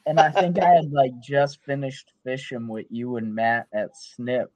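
A man with a Boston accent, a co-host telling fishing stories in slow, easy casual chat. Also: mid-range voice, fairly even intonation, darkish tone, no echo, low-quality recording. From Massachusetts. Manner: slow-talking, storytelling with laughs. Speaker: podcast co-host, kayak angler.

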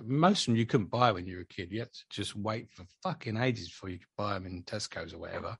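A man's voice: fairly low pitch, fast, gravelly, fairly bright tone, husky, no echo, clean studio sound. A man reminiscing enthusiastically in a casual chat, often ending on tag questions.

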